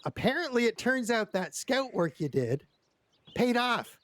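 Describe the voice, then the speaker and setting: A man's voice: very high voice, very animated, unhurried, fairly bright tone, no echo. A man telling a long story in character during a roleplay session, rambling and stammering with lots of repeated words and casual swearing.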